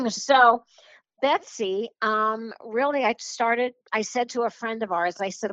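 A woman's voice: mid-range voice, measured pace, fairly bright tone, dry recording. Chatty woman author, dull dry sound. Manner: chatty and rambling, with fillers and little laughs. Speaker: children's book author. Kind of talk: casual interview talk.

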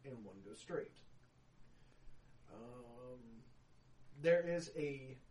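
A man's voice: medium pitch, lively intonation, extremely slow, darkish tone, far from the mic. A man running a tabletop game as game master, narrating casually, laughing often and swearing freely.

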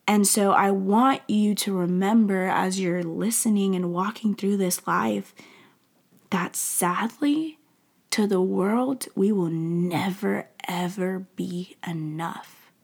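Emotional young woman with vocal fry. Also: medium pitch. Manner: emotional, drops to whispers, many "like" fillers. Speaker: faith speaker. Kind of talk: heartfelt faith talk to listeners.

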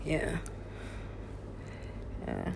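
A woman's voice: very slow, darkish tone, slight background noise. A woman recording herself in a rambling solo monologue, talking to herself and swearing casually. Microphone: self-recorded.

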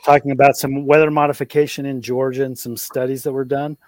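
A man hosting a podcast, chatting in a quick, amused way. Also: mid-range voice, level tone, dry recording. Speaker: host. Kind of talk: casual podcast chat.

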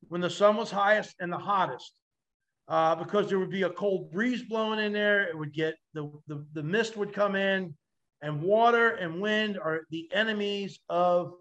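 A man guesting on a podcast, telling animated stories with vivid, salty language and acting out the voices of others. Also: high-pitched, dull audio. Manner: vivid, acts out quoted voices, swears freely. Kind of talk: animated storytelling.

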